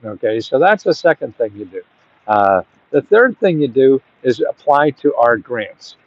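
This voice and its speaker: A man's voice: medium pitch, big pitch swings, a little slow, no echo. A man hosting and giving grant advice in casual talk to the camera, rambling and chatty, with bursts of emphatic urging. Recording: dull, dry lo-fi audio.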